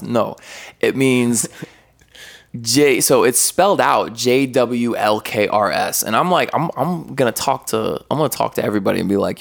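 A man speaking as a podcast guest, talking in an energetic, rambling, casual way full of slang. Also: mid-range voice, moderate pace, creaky. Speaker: podcast guest, content creator and worship artist.

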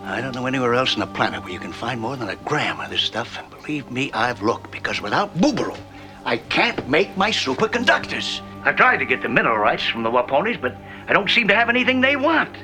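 A scheming businessman making a persuasive, confiding pitch, his pitch rising and falling freely. Music plays clearly behind him, as in a film clip. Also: big pitch swings, a little fast, bright, forceful tone.

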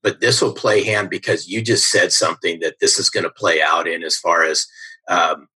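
A man's voice: deep voice, fairly even intonation, moderate pace, sharp tone, breathy edge, poor audio. A middle-aged man, a sales coach guest on a podcast, telling stories with energy and emphasis and often asking "right?". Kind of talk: podcast interview storytelling.

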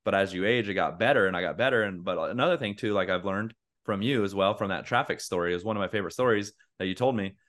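A man's voice: sits low, quick pace, a bit bright. A young man co-hosting a podcast in casual chat, earnest and rambling with lots of fillers. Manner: acts out angry quotes in a raised voice. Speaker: podcast co-host.

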